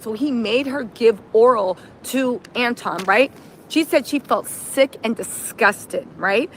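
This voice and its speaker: A woman hosting a reaction livestream, recapping events in animated storytelling, acting out quotes and often asking "right?". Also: on the high side, moderate pace, a little hiss or hum. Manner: punctuates with "right?". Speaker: streamer host.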